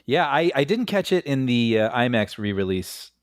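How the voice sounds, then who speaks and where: Thoughtful podcast man, lively pitch. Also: moderate pace, no echo, studio quality. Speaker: podcast co-host. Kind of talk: casual chat.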